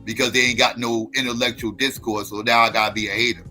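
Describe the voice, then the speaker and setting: A man hosting a livestream, ranting hard and cursing constantly, hammering the same points over and over. His voice is bright and forceful, with faint music underneath. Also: medium pitch, little pitch movement, quick pace. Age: adult. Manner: combative, profane, repetitive. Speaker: livestream host. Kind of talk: heated livestream rant.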